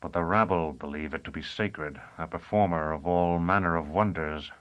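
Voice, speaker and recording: A calculating conspirator, guarded and deliberate, as a man voices him in this storybook reading. His voice sits low, and the recording is dull and lo-fi. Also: natural voice.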